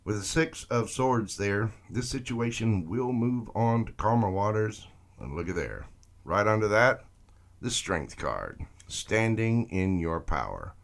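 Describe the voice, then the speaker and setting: A man's voice: on the low side, expressive, unhurried. A man reading tarot cards on a live stream, chatting with viewers and greeting them by name. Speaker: tarot reader.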